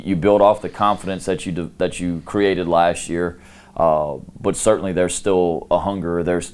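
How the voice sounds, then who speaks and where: A middle-aged man, a head football coach, answering interview questions in a relaxed, candid way with plenty of "you know" fillers. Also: low voice. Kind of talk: sit-down interview.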